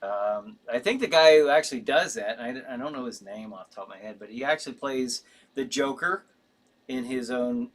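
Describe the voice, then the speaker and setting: A man's voice: medium pitch, normal speed. A man hosting a casual live stream, reading viewer comments aloud and answering them in a rambling way with fillers and restarts. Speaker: host.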